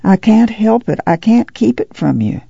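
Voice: medium pitch, sing-song, normal speed, vocal fry, dark tone, breathy edge, no room sound, muffled recording, pitched above the performer's own voice, exaggerated voice. A reader voicing a weary, careworn mother in a poor migrant family, speaking in a folksy rural dialect. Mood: distressed.

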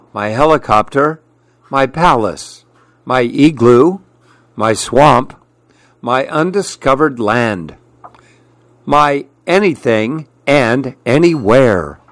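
Brief: male storyteller for a children's book, unhurried and very lively in pitch, dry close sound. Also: no room sound. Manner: slow, expressive read-aloud.

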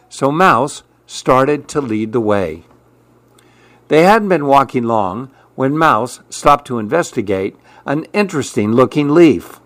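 Male storybook reader, unhurried, plain middle voice. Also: mid-range voice, lively intonation, a bit bright, no echo. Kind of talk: read-aloud children's story.

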